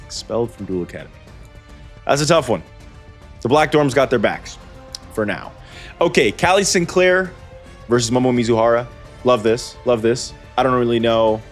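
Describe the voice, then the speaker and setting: A man's voice: mid-range voice, lively intonation, moderate pace, pauses often, soft background music. A man commentating on card-game matches, rambling and correcting himself with wry asides. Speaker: host and commentator. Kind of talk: gameplay commentary.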